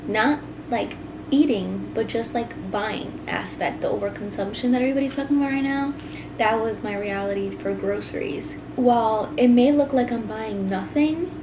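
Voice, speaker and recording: A young adult woman talking casually in a vlog, chatty and relaxed, with lots of "like" fillers. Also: fairly high pitch, background noise. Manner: chatty, filler-heavy, relaxed talk with many "like"s. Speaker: vlogger.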